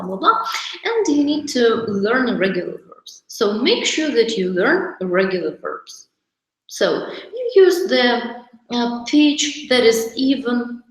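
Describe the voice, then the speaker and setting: A woman teaching English in an online webinar, hesitant with many fillers and restarts, stressing key words as she explains. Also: a little high. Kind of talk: online lesson. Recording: echoey room.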